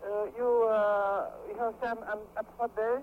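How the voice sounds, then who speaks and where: High-voiced man on a tinny phone line. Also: flat delivery, slight background noise. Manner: halting English, many fillers and restarts. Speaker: delegation office clerk answering the phone.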